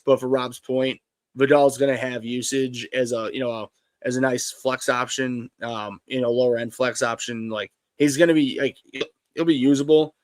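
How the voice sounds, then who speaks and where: A man's voice: mid-range voice, fairly even intonation, dry recording. A man co-hosting a live fantasy football show, arguing his points emphatically and swearing, often restarting his sentences. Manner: emphatic, halting, profane. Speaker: co-host.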